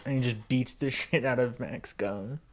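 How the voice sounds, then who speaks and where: A man rambling through an improvised comedy story for a podcast, his voice at an ordinary middle pitch. He laughs often and keeps restarting his sentences. It sounds like a small handheld recorder. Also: normal speed, background noise. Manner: rambling, laughing, jumps into squeaky character voices. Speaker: podcast co-host.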